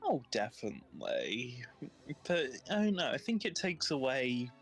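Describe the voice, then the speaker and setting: A man's voice: mid-range voice, wildly swooping pitch, measured pace, faint music behind. A British man co-hosting a casual live stream, joking and bantering playfully. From Britain. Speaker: co-host.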